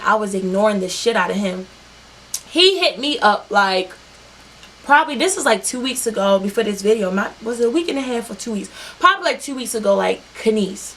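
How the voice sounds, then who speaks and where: A woman telling a story in a casual vlog, animated and profane, acting out her own lines and other people's. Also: mid-range voice, poor audio. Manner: animated, profane, quotes herself and others in dialogue. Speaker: vlogger.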